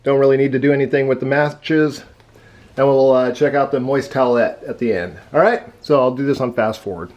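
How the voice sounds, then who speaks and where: A food reviewer gives a casual taste-test, chewing and talking with his mouth full. His medium-pitched voice is brisk and a little mellow.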